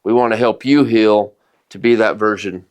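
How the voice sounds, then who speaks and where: A man's voice: fairly low pitch, fairly even intonation, normal speed. A man co-hosting a self-help podcast, giving motivational advice straight to his listeners. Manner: coaching, speaks straight to listeners. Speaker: podcast co-host and life coach. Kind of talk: motivational talk.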